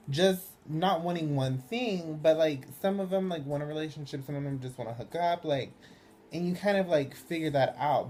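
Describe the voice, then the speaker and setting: Young woman vlogger, low mellow voice, chatty and profane, filler-heavy, animated storytelling. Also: slight background noise. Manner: animated, swings high and loud when excited. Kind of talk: casual storytelling to camera.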